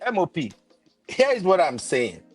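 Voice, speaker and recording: A man's voice: a little high, huge pitch swings, normal speed, breathy edge, faint music behind. A man with a Nigerian accent arguing as a panelist in a heated debate, often cutting in. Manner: interjects, calls the host by initials.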